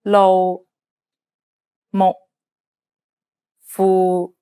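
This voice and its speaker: A woman modeling single syllables for learners, speaking deliberately. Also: mid-range voice, completely flat delivery, dark tone, smooth, no room sound. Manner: deliberate, measured. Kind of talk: slow drilled syllables.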